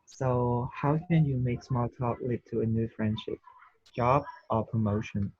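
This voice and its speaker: Husky male student reading aloud. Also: medium pitch, steady tone, a little slow, dull audio. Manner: careful reading with small restarts. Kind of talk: reading a text aloud in class. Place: video call.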